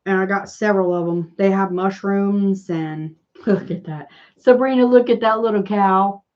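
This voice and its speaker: Here a Southern-accented woman runs a laid-back crafting livestream, chatty and rambling while responding to live comments from viewers. Her mid-range voice moves at a moderate pace, slightly mellow, with the highs cut off.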